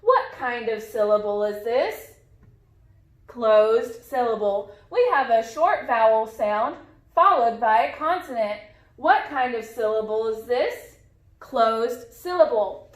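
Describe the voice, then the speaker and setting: A woman's voice: on the high side, animated, takes it slowly, roomy sound. A woman teaching a phonics lesson to young children, patiently modeling sounds and words.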